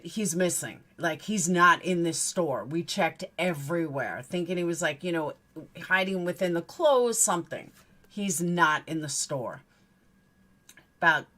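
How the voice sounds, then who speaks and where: A woman's voice: fairly low pitch, pushed and bright. A middle-aged woman hosting a live stream, talking casually and emotionally, repeating herself and greeting viewers by name. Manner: emotional, repetitive storytelling, chats with viewers. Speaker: livestream host.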